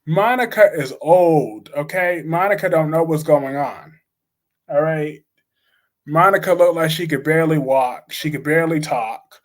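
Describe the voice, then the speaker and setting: A man with a high voice talks slowly and bluntly through his soap opera opinions. He repeats his points for emphasis in a casual live-stream chat with viewers.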